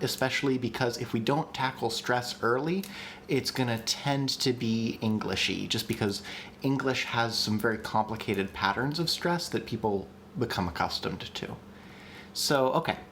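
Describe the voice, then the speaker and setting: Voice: mid-range voice, a bit bright, a little hiss or hum. Chatty, eager livestream language teacher. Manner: chatty and enthusiastic, with frequent ums and restarts. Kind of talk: casual livestream lesson.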